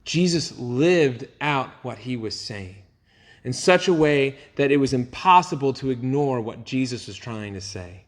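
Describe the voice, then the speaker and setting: A man's voice: mid-range voice, unhurried. A young man, a youth pastor, teaching a Bible lesson and acting out the people in the story. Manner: animated storytelling, acting out voices of crowd and Jesus.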